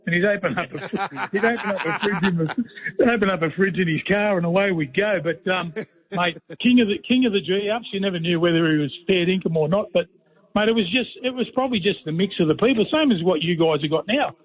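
A man's voice: high voice, fairly quick. An Australian man, a former player and commentator, chatting as a radio guest in a rambling, folksy way, saying "mate" constantly. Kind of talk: casual storytelling chat. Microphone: phone line. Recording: tinny phone line.

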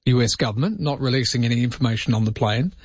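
A man's voice: mid-range voice, fast, slightly rough. A man hosting overnight talk radio, joking and sounding incredulous as he goes through the news. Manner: jokey, mock-incredulous, puts on comic accents. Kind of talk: casual talk radio banter. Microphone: studio microphone, dry. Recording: muffled broadcast audio.

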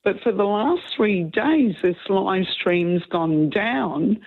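A woman calling into a talkback radio show, hoarse from a cold, talking earnestly and rambling with restarts. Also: medium pitch, lively intonation, slow pace. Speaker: caller. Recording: tinny phone line.

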